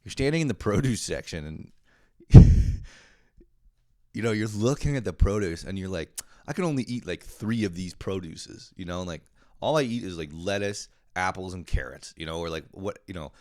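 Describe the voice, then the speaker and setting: Low-voiced man rambling casually. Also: animated, moderate pace, warm tone, no echo, clean studio sound. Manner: rambling, filler-heavy, profane. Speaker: podcast host. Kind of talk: casual solo monologue.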